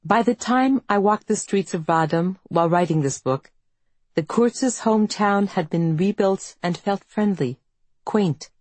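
A woman author reading her own book in a measured, reflective storytelling manner. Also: medium pitch, a little mellow, no room sound. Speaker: author and narrator. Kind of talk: audiobook narration.

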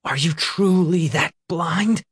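A man's voice: medium pitch, slow, a little mellow, husky, no room sound. A man voicing a wounded teenage boy who snaps bitter, angry accusations, reading an audiobook. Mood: furious.

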